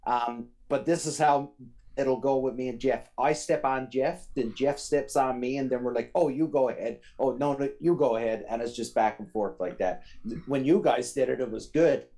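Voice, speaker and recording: A man's voice: mid-range voice, normal speed, a little mellow. A man from Newfoundland with a light Newfoundland accent, co-hosting a casual podcast chat over a remote call and rambling with lots of fillers. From Newfoundland, Canada. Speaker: podcast co-host.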